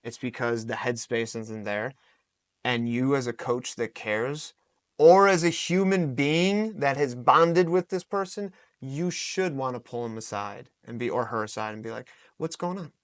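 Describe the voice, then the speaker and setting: A man in his forties, a coach talking as a podcast guest, telling lively stories and acting out the things he says to his fighters. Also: mid-range voice, measured pace, no echo. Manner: animated, storytelling with acted-out quotes. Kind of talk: podcast interview answers.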